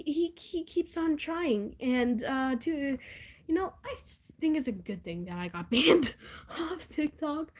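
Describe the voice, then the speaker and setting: A woman's voice: a little high, rough recording. Rambling, giggly teenage girl. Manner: rambling, halting, many fillers and restarts, giggly. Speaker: vlogger. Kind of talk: casual storytelling.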